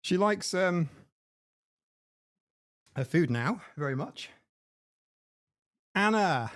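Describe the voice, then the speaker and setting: A man's voice: high-pitched, lively intonation, extremely slow, long pauses, a bit bright, no echo. Guy rambling on his stream, laughs at his own jokes, dead dry mic. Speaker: livestream host. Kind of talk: casual live stream chat. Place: home room. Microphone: desk mic with mixer.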